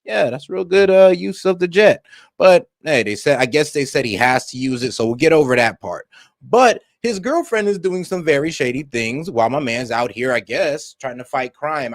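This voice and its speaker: Animated man reacting to political clips. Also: a little high, normal speed, dry recording. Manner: animated, joking asides, laughs at own jokes. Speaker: political commentary streamer. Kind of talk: casual reaction commentary.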